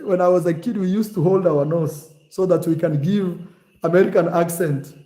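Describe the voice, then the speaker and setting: A man talking casually and teasingly in a vlog, animated and jokey. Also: high-pitched, normal speed. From Kenya. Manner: animated, teasing, shifts to mock accents. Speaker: vlogger.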